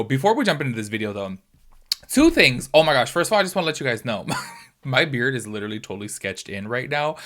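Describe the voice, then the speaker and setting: Young guy vlogger talking fast about makeup drama, chatty, says y'all a lot. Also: mid-range voice. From California, United States. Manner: chatty and animated, lots of fillers like "y'all". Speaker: beauty commentary vlogger. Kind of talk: casual commentary vlog.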